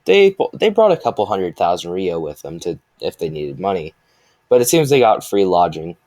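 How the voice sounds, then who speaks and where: A man's voice: deep voice, sing-song, moderate pace, a little mellow, dry recording. A man improvising a fan story and rambling along with many restarts and fillers.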